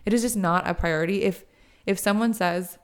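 A woman's voice: mid-range voice, a little fast, clean tone. A young woman co-hosting a podcast, chatting casually and rambling, often restarting her sentences and acting out quotes. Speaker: podcast co-host. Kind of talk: casual chat.

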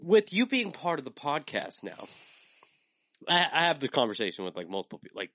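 Lively, rambling male podcast host. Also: a little high, fairly quick, no echo. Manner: earnest, rambling with many likes. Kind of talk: casual chat.

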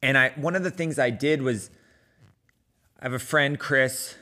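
Casting: middle-aged man, casual storyteller, halting delivery with lots of fillers. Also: medium pitch, pushed and bright. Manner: conversational with frequent fillers and restarts. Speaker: runner telling a personal story.

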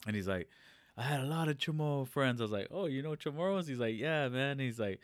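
Laid-back man with a smooth voice. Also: mid-range voice, expressive, fairly quick, dry recording, clean studio sound. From Guam. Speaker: podcast co-host. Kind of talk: casual chat.

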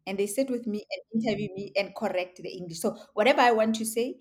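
A middle-aged woman speaks as an interview guest and tells her life story. She is animated and expressive, often breaking into laughter as she talks. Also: mid-range voice, fast. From South Africa. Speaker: interview guest, tech education founder.

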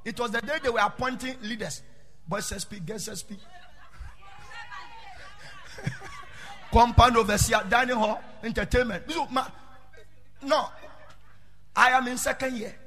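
A middle-aged man preaching a sermon and telling his own story, half-singing his phrases and breaking into shouts. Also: very high-pitched, moderate pace. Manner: fervent, half-sung cadences, bursts into shouting. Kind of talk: sermon with personal testimony.

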